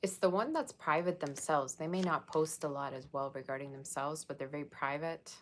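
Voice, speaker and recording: A woman's voice: sits low, fairly quick, a little hiss or hum. A woman giving a casual tarot reading, chatting and rambling straight to her viewers. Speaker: tarot reader.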